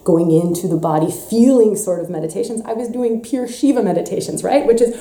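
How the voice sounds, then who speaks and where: A young adult woman giving a casual spiritual teaching, lively and expressive, slipping into playful voices for quotes. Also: medium pitch, brisk. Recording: echoey room.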